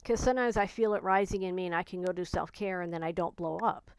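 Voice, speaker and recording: A woman speaks earnestly in a personal vlog, candid and reflective about her own reactions. Her voice is smooth and clear, recorded close and dry with no room around it. She talks in an even, unhurried way, like someone thinking out loud. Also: lowish voice, no room sound, poor audio. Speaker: vlogger.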